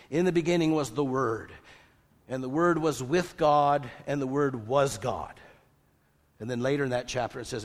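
An older man preaching a sermon, lively, asking rhetorical questions and quoting scripture. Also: medium pitch. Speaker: pastor. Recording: long hall reverb.

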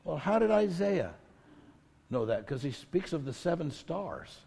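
A male pastor preaches with a sing-song delivery at a measured pace, his voice a little high, darkish in tone, with vocal fry and a breathy edge. Emphatic repetition and growing intensity carry him toward his points. The church sanctuary lends the recording long, large-hall reverb.

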